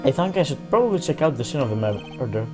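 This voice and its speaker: Brief: gamer with a lively, bouncing voice cracking sarcastic jokes, soft music under it. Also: medium pitch, fast. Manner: joking, sarcastic asides. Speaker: let's play commentator. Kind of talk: casual game commentary.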